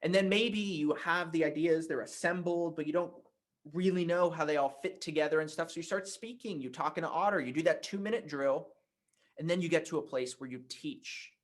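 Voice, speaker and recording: A man teaching a writing workshop, telling a personal anecdote in a conversational, animated way. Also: a little high, fairly quick. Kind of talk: workshop talk with storytelling.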